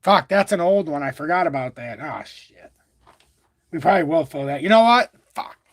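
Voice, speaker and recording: A man hosting a livestream, rambling as he works through charts and swearing freely. His voice sits a little high for a man and is picked up close and dry, with no room sound. He corrects himself and drifts off topic as he goes. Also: lively intonation, normal speed, dry recording. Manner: rambling, profane, self-correcting. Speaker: crypto livestream host. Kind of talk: casual livestream chart commentary.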